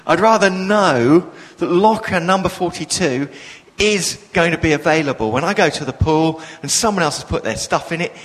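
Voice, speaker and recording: A man preaching a sermon, passionate and emphatic, his voice swelling and dropping as he drives his points home. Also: normal speed. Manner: passionate, emphatic, with sudden swells in pitch and volume. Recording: long reverb of a large hall.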